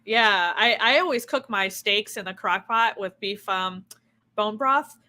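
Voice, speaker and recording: A woman's voice: medium pitch, unhurried, bright, forceful tone. A woman with a New Jersey accent hosting a casual livestream, chatty and giggly as she reads out viewer comments. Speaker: livestream host. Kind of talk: casual live chat.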